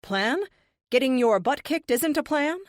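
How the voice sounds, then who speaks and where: A woman's voice: high-pitched, expressive, unhurried, dry recording, clean studio sound, voice pushed up. Woman doing a smirking young heroine. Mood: teasing. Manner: teasing. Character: poised, smirking young female teleporter.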